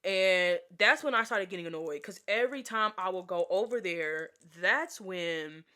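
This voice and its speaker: Young woman, casual vlog storytime, chatty, exasperated, filler-heavy, bright tone. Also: lowish voice, normal speed. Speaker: vlogger.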